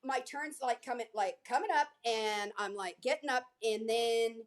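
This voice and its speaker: An older woman telling a story as a guest in a casual interview, chatty and animated, acting out what people said. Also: a little high, normal speed. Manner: chatty, animated, acts out quotes. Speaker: guest, former featured extra.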